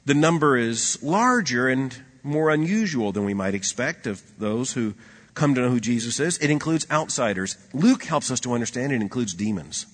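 Man, preacher, sermon, husky voice, long hall reverb, loud emphasis then hushed asides. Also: expressive, moderate pace. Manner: swings between loud emphatic lines and hushed low asides.

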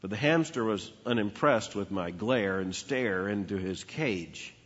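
Male pastor, storytelling sermon voice, husky, heard in a reverberant church hall. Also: on the low side, expressive, unhurried. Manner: storytelling preacher, emphatic repetition. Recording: dull lo-fi with long hall reverb.

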